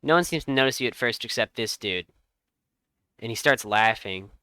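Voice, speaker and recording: A man runs a tabletop game, narrating each scene with measured, dramatic pauses. His voice is bright and crisp. The sound is dry and close to the mic. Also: medium pitch, dry recording. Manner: lively storytelling with dramatic pauses. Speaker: game master.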